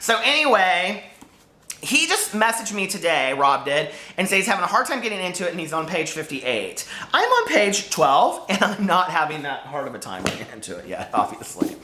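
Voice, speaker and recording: A man's voice: sits high, very animated, normal speed, bright, forceful tone, echoey room, a little hiss or hum. A man chatting casually to camera as a book vlogger, rambling and jumping between topics.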